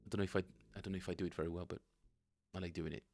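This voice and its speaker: A middle-aged man with a fairly low voice talks loosely to his live-stream viewers about his basses and practice. He rambles, corrects himself mid-sentence and chuckles often, in the relaxed tone of a home practice room. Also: racing. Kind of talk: casual live-stream chat answering viewers.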